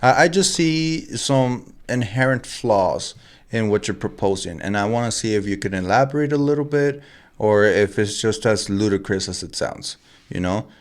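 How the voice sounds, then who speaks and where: A man with a fairly low voice chatting on a podcast. He trips over his words, restarting sentences again and again. He peppers his talk with "dude.". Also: lively intonation, normal speed. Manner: stammering restarts, keeps saying dude. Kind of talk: casual podcast chat.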